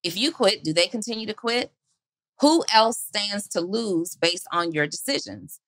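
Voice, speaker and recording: A woman's voice: mid-range voice, animated, a little slow, a bit bright, dry recording. A woman co-hosting a podcast, talking earnestly about not quitting and repeating her questions for emphasis. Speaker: podcast co-host. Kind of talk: motivational podcast talk.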